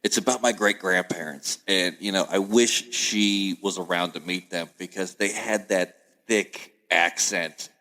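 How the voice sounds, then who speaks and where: A man with a deep, low-pitched voice hosts a relaxed podcast conversation. He tells stories with energy and slips into the voices of the people in them. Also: a little slow. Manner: animated storyteller, acts out family voices. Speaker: podcast host. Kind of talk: casual chat.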